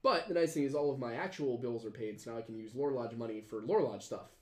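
A man's voice: medium pitch, fast. Rambling podcast host man, echoey room. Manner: rambling, hesitant, lots of fillers and restarts. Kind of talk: casual chat, reading viewer comments.

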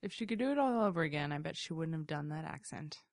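A woman co-hosting a podcast in loose, casual conversation, chatty and quick to laugh. Her voice sits a little low for a woman. The sound is close and dry. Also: animated, vocal fry, no room sound. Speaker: podcast co-host. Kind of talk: casual chat.

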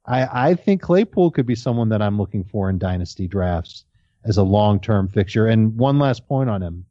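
A man's voice: on the low side, lively intonation, normal speed, mellow, dry recording. A man co-hosting a fantasy football podcast, talking in a casual, enthusiastic way and often restarting his words. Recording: dull lo-fi audio.

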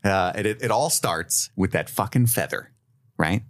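A man co-hosting a casual film review podcast, relaxed, swearing freely and quoting scenes. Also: low voice, normal speed, no room sound, clean studio sound. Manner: relaxed, swears casually, quotes movie lines. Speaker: podcast co-host.

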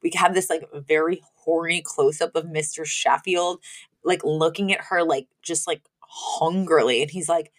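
A woman's voice: low voice, steady tone, moderate pace. A woman co-hosting a podcast, recapping a TV episode in casual chat, full of fillers and giggles. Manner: chatty, filler-heavy storytelling with frequent giggles. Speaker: podcast co-host.

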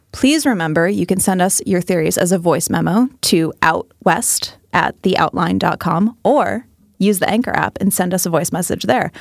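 A woman's voice: on the low side, no room sound, studio quality. A woman co-hosting a podcast in casual chat, blunt and sarcastic, swearing casually. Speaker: podcast co-host.

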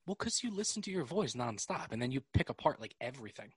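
A man with a New York accent, hosting a casual podcast chat, animated and laughing often. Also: mid-range voice, quick pace, breathy edge, dry recording, clean studio sound. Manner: animated, laughing, swearing freely. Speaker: podcast host.

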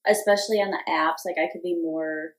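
A woman's voice: fairly low pitch, fairly even intonation, a little fast. A woman in casual chat, reacting bluntly and dryly. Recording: roomy echo.

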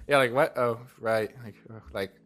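A man's voice: medium pitch, moderate pace, a bit bright. A young man hosting a podcast, joking and swearing in a loose, rambling casual chat. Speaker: podcast host.

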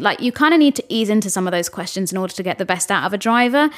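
A woman's voice: mid-range voice, fast talker, hardly any pauses. A young woman hosting her own podcast, chatting casually and enthusiastically and laughing now and then as she talks. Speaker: podcast host. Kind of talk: casual solo podcast chat.

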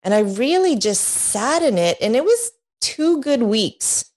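A middle-aged woman telling her personal story as a guest, lively and laughing often, acting out voices when she quotes people. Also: a little high, a little slow. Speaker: guest, divorce coach.

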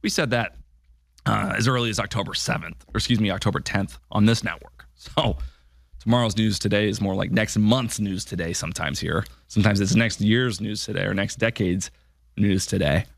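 A man's voice: lowish voice, normal speed, vocal fry, no echo, clean studio sound. A man hosting a political podcast, delivering an emphatic commentary monologue full of rhetorical questions. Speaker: podcast host.

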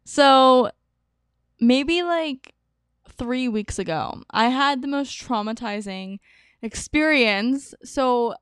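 A woman's voice: sits high, slow pace, fairly bright tone, clear, resonant tone, no room sound, clean studio sound. A young adult woman hosting a podcast, telling a personal story casually with lots of "like" and dramatic asides. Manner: chatty, lots of "like", dramatic retelling. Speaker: podcast host.

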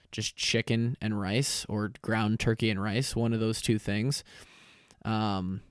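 A young man hosting his own podcast in casual chat, tired and lightheaded from fasting, rambling and correcting himself with lots of fillers. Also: on the low side, clear, resonant tone, no echo, clean studio sound. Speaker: podcast host. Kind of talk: casual solo podcast talk.

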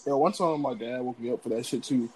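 A man's voice: medium pitch, fast, slightly rough, low-quality recording. A young man telling funny stories casually among friends, laughing often and acting out the people in them. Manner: animated, laughs often, acts out voices in stories.

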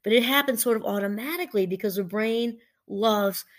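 Speaking briskly in a mid-range voice, a middle-aged professor and podcast host chats warmly and informally about gratitude as motivation. Her talk wanders a bit, and she laughs her way through the anecdotes.

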